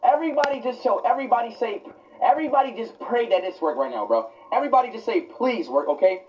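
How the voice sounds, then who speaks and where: A man's voice: very high voice, expressive, fast talker, a little mellow. A young man live streaming on a phone, talking casually with lots of slang and getting easily spooked. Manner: loose slangy talk full of "bro", jumpy and easily scared. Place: walk-through haunted attraction. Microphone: phone held while walking. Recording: roomy far-off lo-fi phone sound with music.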